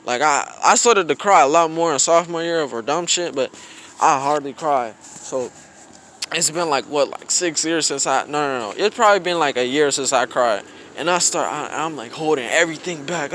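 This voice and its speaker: A man's voice: mid-range voice, brisk, pushed and bright, slight background noise. A young man telling a rambling, slang-filled story outdoors in the snow, often restarting his sentences. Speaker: vlogger. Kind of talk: casual storytime.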